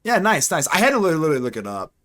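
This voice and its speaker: Male streamer, live gameplay commentary, very animated delivery, talks to himself as he plays. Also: a little high, very fast. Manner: chatty, excitable, thinks aloud, swings from playful to worried. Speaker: card game streamer and channel host.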